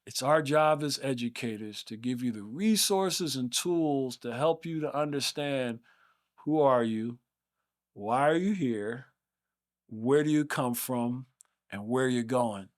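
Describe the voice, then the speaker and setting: A man acting out an older male college professor who loudly fires challenging questions at new students. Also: mid-range voice, animated, takes it slowly. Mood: solemn.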